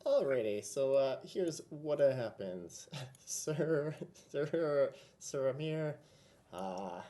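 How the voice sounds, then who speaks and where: Man, game master, chatty, relaxed, lots of fillers, tabletop narration. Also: mid-range voice, slow pace.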